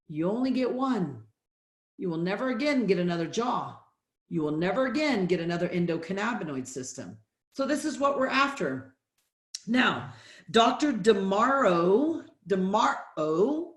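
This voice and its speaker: A middle-aged woman from Texas, slightly hoarse, giving an emphatic, repetitive motivational sales presentation over a video call. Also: medium pitch. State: hoarse from allergies. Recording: roomy echo.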